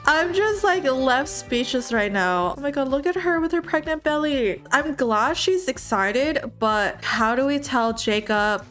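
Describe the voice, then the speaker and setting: Excitable young woman commenting on a game. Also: a little high. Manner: excitable, chatty, talks to her characters. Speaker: gaming creator. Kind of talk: let's play commentary.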